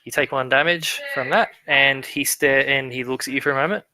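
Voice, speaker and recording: A man's voice: medium pitch, fairly even intonation, fairly quick, sharp tone. A man narrating a tabletop game as its game master at home, in a loose, rambling way. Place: home room.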